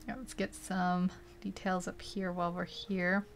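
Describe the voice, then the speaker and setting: A woman's voice: fairly low pitch, little pitch movement, a little slow, a little hiss or hum. A young woman casually narrating as she paints a digital portrait, chatty and rambling, laughing often between thoughts. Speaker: digital art streamer.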